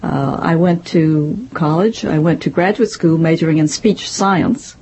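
A woman from Mississippi with a faint Southern accent, a novelist talking in a measured, articulate way as an interview guest. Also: low-pitched, warm tone. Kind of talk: radio interview conversation. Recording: dull lo-fi audio with faint hiss.

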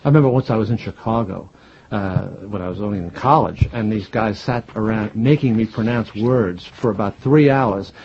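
A man's voice: lowish voice, moderate pace. A man in his sixties with a Jersey City accent that drops R's, talking about his past as an interview guest, with many hesitant uh's and chuckles. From Jersey City, New Jersey. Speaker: guest, historian and novelist. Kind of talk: reflective interview conversation. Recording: dull lo-fi recording.

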